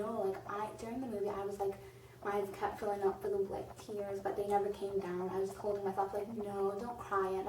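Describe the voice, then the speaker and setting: This is a warm, medium-pitched woman's voice, captured from a distance with roomy echo, off-mic sound and faint noise. She's reviewing a movie in a casual vlog, gushing and rambling with lots of "like."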